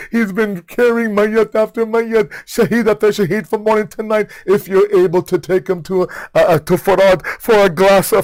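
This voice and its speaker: High-voiced man preaching a mourning sermon. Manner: rises into high, impassioned recitation of the tragedy, then falls to low, quiet prayer. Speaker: speaker of a mourning majlis. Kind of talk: sermon with tearful mourning narration. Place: mosque.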